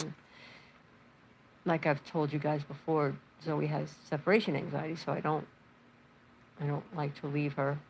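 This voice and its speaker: A woman's voice: low-pitched, gravelly, slight background noise, low-quality recording. A woman hosting a casual livestream from her living room, chatting in a rambling, storytelling way and reading out chat messages. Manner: reads chat messages aloud. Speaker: livestream host.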